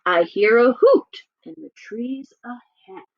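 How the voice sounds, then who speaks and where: A woman voicing a big, hungry, gullible male monster in a read-aloud picture book, speaking slowly and drawn out. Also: fairly high pitch, animated, dry recording, muffled recording, full character voice. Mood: gruff.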